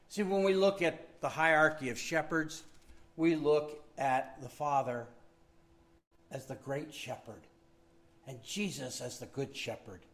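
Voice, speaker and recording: Male pastor, mid-high voice, slow deliberate sermon delivery, emphatic. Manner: emphatic, slowing down on key words, dropping to a soft hush; admits his own weariness.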